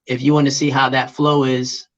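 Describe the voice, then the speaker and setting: Comedian guest, muffled lo-fi sound. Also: male voice, normal speed. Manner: relaxed, with fillers, booming announcer bits. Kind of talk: casual podcast chat. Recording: muffled lo-fi audio.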